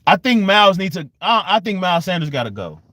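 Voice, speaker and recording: A man hosting a live-streamed sports fan rant, exasperated and repetitive, swinging between loud outbursts and low muttering. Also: big pitch swings, fast talker, dry recording. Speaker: sports fan channel host.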